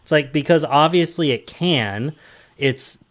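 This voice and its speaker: A man hosting a podcast, talking casually and pausing often with ums and uhs. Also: fairly high pitch. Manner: halting, many hesitations and ums. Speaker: podcast host. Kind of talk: casual chat.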